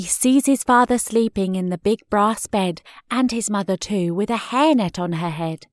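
A woman reads children's stories in an expressive, measured voice of middle pitch. The sound is dry and close, with no room echo. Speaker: storyteller. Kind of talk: storybook reading.

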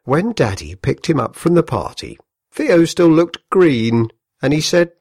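A man reading a children's story aloud, gently amused. His husky voice swings widely in pitch at an unhurried pace. The recording is dry and close. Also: very animated, no echo.

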